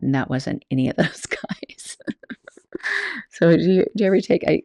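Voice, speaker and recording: A woman's voice: deep voice, normal speed, dark tone, no echo, in a whisper, clean studio sound. A woman host and yoga teacher telling stories in a chatty, rambling way, laughing often. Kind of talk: casual storytelling monologue.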